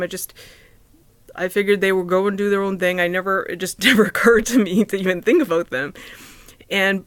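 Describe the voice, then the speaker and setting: A woman talking casually to the camera alone in her apartment, halting, with many restarts and fillers. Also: mid-range voice, a bit bright, dry recording. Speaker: vlogger. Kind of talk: casual personal talk to camera.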